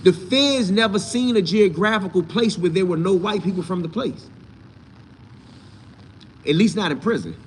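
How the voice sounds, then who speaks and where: A man runs a casual live talk on his own channel, firing back at the chat in blunt, profane bursts and mocking the people who comment. His voice sits a little high for a man. A faint hum of noise runs underneath him. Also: moderate pace, pauses often. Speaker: host answering live chat.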